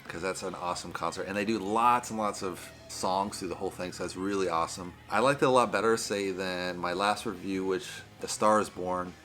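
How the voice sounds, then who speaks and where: A man's voice: low-pitched, fairly bright tone. A man giving a casual, rambling movie review on his vlog, often saying "you know" and "right".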